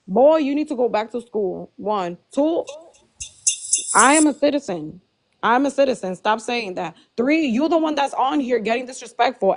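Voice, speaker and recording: A woman's voice: sits high, vocal fry, a little mellow. A woman on a live debate panel, arguing indignantly and repeating her points for emphasis. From Hispanic background.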